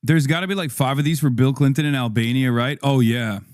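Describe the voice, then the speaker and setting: A man's voice: mid-range voice, fairly quick, no room sound, clean studio sound. A man streaming, riffing casually with profanity and frequent laughs as he reacts to a video.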